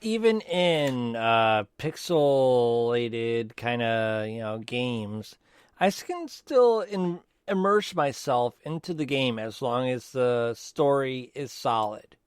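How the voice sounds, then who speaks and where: Slow-talking smooth-voiced man, dry sound. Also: mid-range voice, lively intonation, dry recording. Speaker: podcast co-host. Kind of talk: casual gaming chat.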